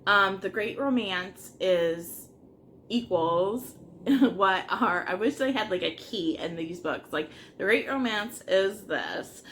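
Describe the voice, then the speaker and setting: Slow, low-voiced woman chatting about books. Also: a bit bright, slight background noise. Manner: halting and earnest, heavy with fillers. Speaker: book vlogger. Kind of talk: casual book review chat.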